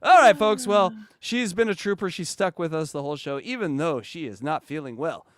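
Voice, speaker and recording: Giggly high-voiced male host. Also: brisk, fairly bright tone, dry recording, studio quality. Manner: giggly, gushing, easily amused. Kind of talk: late-night show banter.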